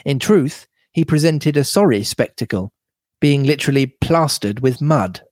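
A man reading a novel aloud in a measured, steady manner. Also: mid-range voice, dry recording, studio quality. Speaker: reader.

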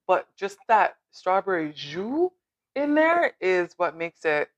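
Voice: medium pitch, sing-song, slow, muffled recording. A podcast host from Canada in casual chat, brash and teasing, swearing freely.

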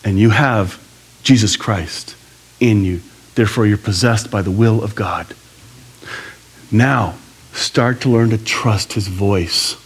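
Animated conversational male pastor preaching. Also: lowish voice, slow pace, pauses often, breathy edge. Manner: animated, conversational, jokey asides. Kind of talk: sermon.

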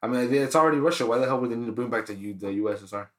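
A man's voice: mid-range voice, very fast, reverberant. A man co-hosting a podcast, telling stories in loose, profane, slangy casual banter. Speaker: podcast co-host.

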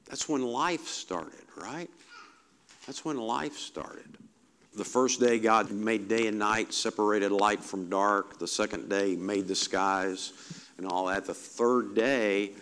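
A man's voice: fairly low pitch, a bit bright. Man preaching a conversational sermon. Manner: conversational, reflective, repeats key phrases.

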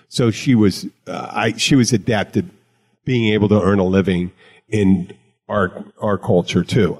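A man's voice: lowish voice, darkish tone. A middle-aged man hosting a casual chat show, talking in a rambling way with restarts and laughs. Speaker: podcast host.

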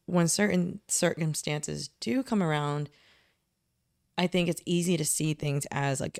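A woman's voice: low voice, unhurried, gravelly, no echo, clean studio sound. Young woman, chatty faith podcast. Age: young adult. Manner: animated, leans on "like" fillers. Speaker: podcast co-host. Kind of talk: casual faith discussion.

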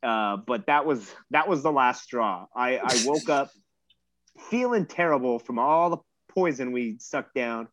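A man's voice: medium pitch, lively intonation, measured pace, fairly bright tone, no echo. A man in his thirties telling a rambling, self-mocking story in casual chat and swearing freely. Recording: dull lo-fi dry recording.

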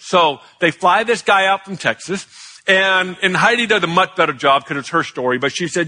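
Animated high-voiced male preacher. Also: fairly quick. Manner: animated, chatty, joking with the congregation. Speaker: pastor. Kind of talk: sermon storytelling.

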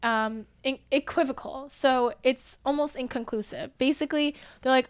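A young woman telling a personal story in casual chat, animated and growing loud and emotional at the tense parts. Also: high-pitched, normal speed, few pauses, clear, resonant tone.

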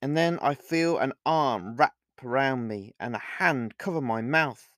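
A man, the author, reading his novel aloud as a steady, earnest first-person audiobook narration. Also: mid-range voice, measured pace, dry recording, clean studio sound.

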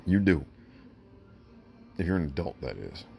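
With a deep, creaky, dark voice, the host talks unhurriedly yet very animatedly, a little hiss or hum underneath. Alone on his own show, he gives blunt, emphatic opinions, keeps saying "look" for emphasis, and struggles with hiccups.

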